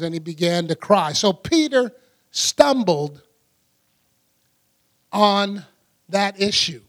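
Guy preaching a bible lesson, pretty high voice, chatty and laughs a lot. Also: a little slow. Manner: chatty, laughs often, acts out scenes. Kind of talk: conversational Bible teaching.

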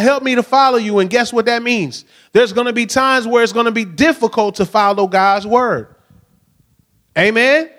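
High-pitched middle-aged guy preaching, chatty, keeps going "right?". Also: fairly bright tone. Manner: conversational preaching, asks the crowd "right?". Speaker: pastor. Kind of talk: sermon.

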